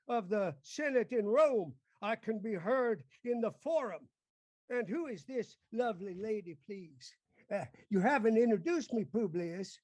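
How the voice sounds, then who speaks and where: In a dry recording, a man with a very high voice improvises mock-Shakespearean stage acting. The improv actor plays a pompous older senator father, all bluster and scolding.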